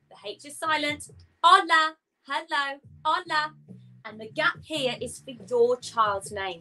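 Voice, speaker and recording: A woman's voice: on the high side, sharp tone, rough recording. A woman teaching a live online Spanish class for young children, cheerful and sing-song, drawing out words to model pronunciation. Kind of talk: live-streamed kids' language class. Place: home.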